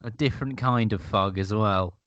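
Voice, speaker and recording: A man's voice: lowish voice, normal speed, fairly bright tone, no echo, highs cut off. A man hosting a casual interview who adds brief, dry, wry remarks and questions.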